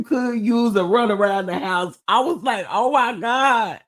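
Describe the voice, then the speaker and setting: The host of a gossip chat show, a man with a high-pitched voice and measured pace, entertains viewers with casual, animated stories, laughing and exclaiming throughout.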